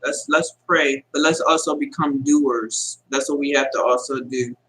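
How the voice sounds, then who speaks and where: A man's voice: mid-range voice, fairly even intonation, moderate pace, a bit bright, a little hiss or hum, rough recording. A man hosting a casual livestream and speaking straight to his viewers. He talks in an earnest, hesitant way, stopping often and restarting his sentences. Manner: addresses viewers directly and reads out chat comments. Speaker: livestream host. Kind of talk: casual live-stream sign-off talk.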